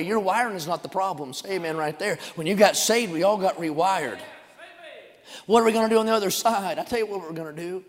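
A man with a high, ringing voice preaches in a church sanctuary. The long reverb of the hall trails after his shouted, chant-like lines, and he drops to softer, chatty asides between them. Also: brisk. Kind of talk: revival sermon.

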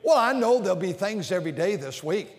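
A man's voice: high voice, animated, a little fast, big-room sound. A man preaching an emphatic sermon as a Baptist preacher, leading his congregation in call-and-response. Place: large church with balcony and bleachers.

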